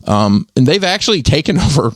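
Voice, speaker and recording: A man's voice: fairly high pitch, sing-song, a little fast, no echo, studio quality. A man hosting a podcast in casual chat, telling stories in a rambling way with many restarts and chuckles. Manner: rambling storyteller with restarts and laughs. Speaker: podcast host.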